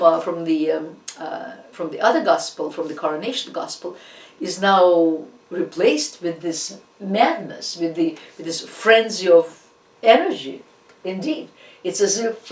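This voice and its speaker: A woman with a Russian accent gives a relaxed art history lecture, stopping and restarting often with fillers. Her voice sits at a middle pitch. The recording is roomy and echoey, with her some way off from the mic. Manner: halting, many fillers and restarts, animated asides. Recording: roomy echo, distant from the mic.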